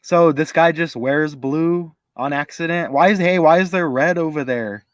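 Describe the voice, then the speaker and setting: A man's voice: fairly high pitch, normal speed, dry recording. A man giving casual commentary to his viewers, chatty and thinking aloud as he goes. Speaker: video creator.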